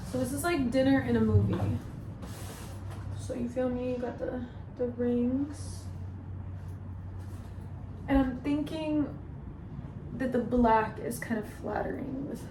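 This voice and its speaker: A woman's voice: a little high, a little slow, pauses often, background noise. A young woman vlogging from her bedroom in a chatty, storytelling way, full of slang. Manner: chatty, storytelling, uses slang like "y'all" and "you feel me". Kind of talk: casual vlog chat. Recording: echoey room.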